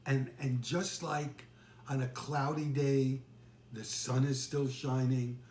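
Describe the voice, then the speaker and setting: A man giving a sermon as senior minister, telling stories gently and unhurriedly with reflective pauses. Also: mid-range voice, flat delivery, slight background noise. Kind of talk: sermon with storytelling. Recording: echoey room.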